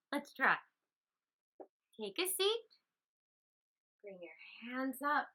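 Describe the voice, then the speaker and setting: A woman teaching a children's yoga class, telling a story and giving gentle, encouraging instructions. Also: high voice, low-quality recording.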